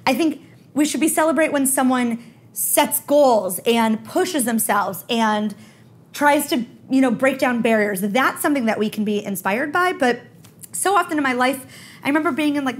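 A woman comedian talking candidly as an interview guest, telling stories quickly and animatedly with bursts of laughter. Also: on the high side, husky.

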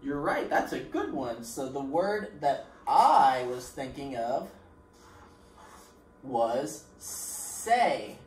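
A man teaching a recorded lesson to preschoolers in an encouraging voice. He speaks slowly and leaves pauses for the children to answer. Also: a little high, fairly bright tone. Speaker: pre-K teacher. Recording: roomy echo with faint background noise.

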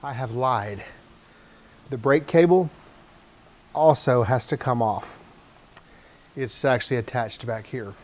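A man's voice: medium pitch, takes it slowly, pauses often, darkish tone. A man casually narrating as he works in his garage, thinking aloud with wry, self-deprecating asides. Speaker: channel host repairing a motor scooter. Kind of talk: casual narration while working.

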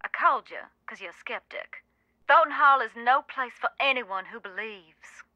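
A woman's voice: fairly high pitch, moderate pace, pushed and bright, no room sound. An actress playing a serious Southern woman who calls with a case in a game. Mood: earnest. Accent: American Southern. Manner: earnest, warning.

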